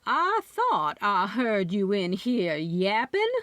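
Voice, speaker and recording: A woman's voice: medium pitch, huge pitch swings, takes it slowly, fairly bright tone, no echo, heavily acted. A woman narrator voicing a haughty, gossipy well-dressed woman with a snooty, needling way of talking.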